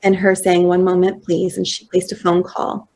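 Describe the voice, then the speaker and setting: A woman in her thirties giving a personal storytelling talk at a conference, slow and measured, acting out quoted dialogue. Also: fairly low pitch, monotone, gravelly, darkish tone. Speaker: conference speaker. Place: conference hall.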